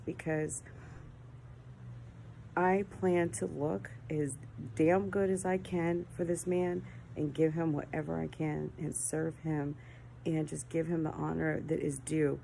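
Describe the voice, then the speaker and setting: A woman calling in to a talk show, rambling and gushing with thanks and excitement. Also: low-pitched, creaky, a little hiss or hum, rough recording. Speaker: caller.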